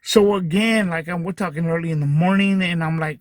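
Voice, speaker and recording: A man's voice: fairly high pitch, a little fast, few pauses, no echo. A man hosting a podcast, telling a long personal story in a rambling way full of fillers and restarts. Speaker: podcast host. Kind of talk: casual storytelling monologue.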